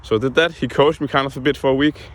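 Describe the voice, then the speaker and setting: A man's voice: mid-range voice, steady tone, fast. Young man venting in a casual vlog. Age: young adult. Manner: frank, heated, swears often. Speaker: vlogger.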